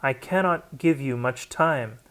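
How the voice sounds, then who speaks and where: A man's voice: mid-range voice, unhurried, a bit bright, natural voice. A man voicing a hulking male fighter with an iron, furious, commanding voice in a read-aloud story. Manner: commanding, fierce.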